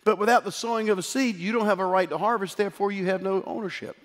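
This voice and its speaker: A middle-aged man preaching a sermon as pastor, emphatic, swinging from loud declarations to quiet storytelling. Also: sits high, steady tone, fast. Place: church sanctuary. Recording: long hall reverb with faint music.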